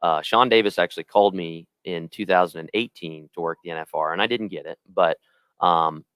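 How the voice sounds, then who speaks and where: Young man, rodeo announcer, low voice, dry close sound, earnest, restarts a lot. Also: brisk, fairly bright tone, dry recording. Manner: earnest storytelling with many restarts. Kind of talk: casual podcast chat.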